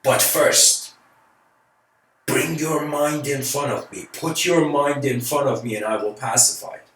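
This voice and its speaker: A man voicing an ancient male sage who speaks calmly and with command. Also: mid-range voice, measured pace, far from the mic, pitched above the performer's own voice, close to an everyday voice. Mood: serene. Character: serene ancient male sage granting calm. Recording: roomy sound from away from the mic.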